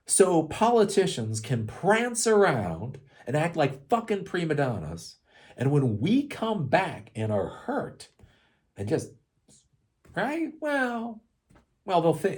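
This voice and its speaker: Man, middle-aged, casual political rant, sarcastic and profane, swooping pitch. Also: huge pitch swings, slow, darkish tone. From United States. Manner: profane, rambling, sarcastic, repeats "again" and "right?". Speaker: political commentary host.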